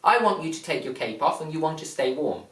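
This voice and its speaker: Gentle sure-of-itself sun from a fable, voiced by a storyteller, calm and reasoning, echoey and distant. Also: medium pitch, fast, natural voice. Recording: echoey room, mic far off.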